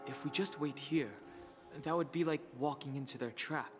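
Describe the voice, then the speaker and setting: Man voicing a measured, cautious gentleman. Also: fairly high pitch, close to an everyday voice. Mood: calm. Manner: measured, polite. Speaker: game character. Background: game music.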